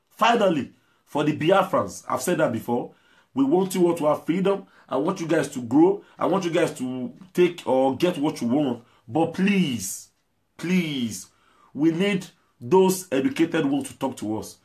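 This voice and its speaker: A Nigerian man, a musician, delivering an impassioned video message, forceful and pleading, slipping into pidgin. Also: a little high, lively intonation, unhurried.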